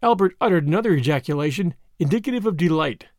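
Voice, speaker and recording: A man reading an audiobook as expressive scripted narration on a close mic. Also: on the high side, fast talker, dry recording. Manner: expressive storytelling.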